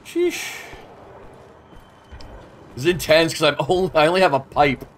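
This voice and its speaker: A man's voice: a little high, quick pace, fairly bright tone. A man in his thirties streaming a game, chatting casually with chat and swearing as he plays. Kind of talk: casual gameplay commentary.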